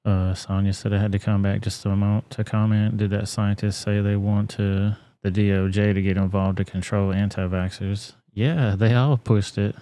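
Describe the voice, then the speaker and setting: A man with a deep, dark voice hosts a live stream, reacting to clips bluntly and profanely. He talks in a flat, laid-back drone. The sound is dry and close. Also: moderate pace, few pauses, no room sound. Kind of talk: casual live-stream commentary.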